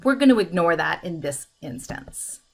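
A woman's voice: lowish voice, sing-song, moderate pace, gravelly. A woman teacher talking through a currency conversion problem step by step in a recorded math lesson. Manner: methodical, talks through each step aloud.

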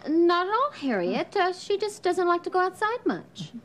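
A woman playing a gentle, soft-hearted sitcom housewife with a fond, soft way of talking. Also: very high voice, very animated, normal speed, heavily acted. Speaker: sitcom mother. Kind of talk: 1980s sitcom acting. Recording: noisy TV audio with studio laughter.

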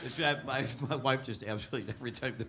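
A man's voice: medium pitch, very fast, background noise. Hesitant male interviewer at a live talk. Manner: hesitant, many uh fillers. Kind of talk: casual interview questions. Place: tavern, live event.

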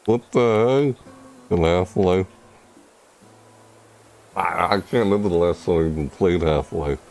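Slow gravelly man chatting over gameplay. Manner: rambling, jokey, breaks into loud high squeals. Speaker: streamer. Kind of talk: casual gameplay commentary.

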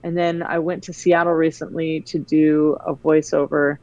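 A woman guest in a casual chat, telling stories in a rambling, animated way. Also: sits low, moderate pace, no room sound, dull audio.

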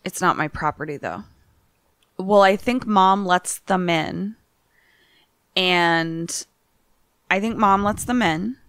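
A woman's voice: fairly low pitch, fairly bright tone, clean tone, dry recording, studio quality. A woman co-hosting a podcast, reacting with short interjections and giving her answers in casual chat. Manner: reactive listener, quick interjections. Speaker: podcast co-host.

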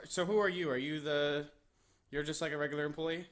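Young man, fairly high voice, breathless, rambling, swearing, on a phone call. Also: fairly even intonation, a little fast, fairly bright tone. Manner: rambling, breathless, swearing, laughing between asides. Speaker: prank caller and video host. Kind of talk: casual phone prank chat. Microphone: phone on speaker held while walking.

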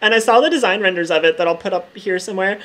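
A woman vlogger talks over her gameplay in a loose, chatty way. She leans on "like" as filler and swears freely. Her voice sits at a middle pitch for a woman. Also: racing. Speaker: gaming vlogger. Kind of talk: casual commentary over gameplay.

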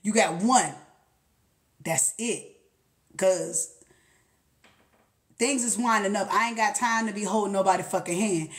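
A woman's voice: medium pitch, unhurried, long pauses. A woman giving a casual motivational talk, blunt and profane, often laughing as she talks to herself. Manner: blunt and profane, swears freely. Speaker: spiritual motivational speaker.

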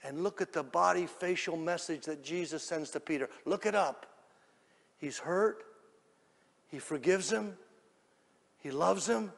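A man preaching a sermon, telling the story dramatically and swinging from hushed lines to shouts. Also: fairly high pitch, a little slow, gravelly, long pauses, in a large hall.

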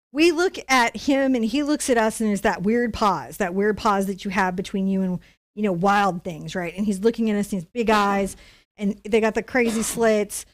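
A middle-aged woman teaching a live painting lesson, telling a story in a chatty, animated way and laughing often. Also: medium pitch. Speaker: painting instructor.

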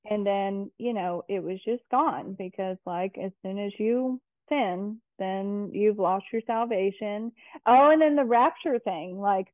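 A woman talks as a guest in a relaxed interview, rambling a little with plenty of fillers and restarts. Her voice comes through a thin, phone-like line with no room echo, and her pitch is average. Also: a little slow. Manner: chatty, lots of fillers and restarts. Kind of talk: casual conversational interview.

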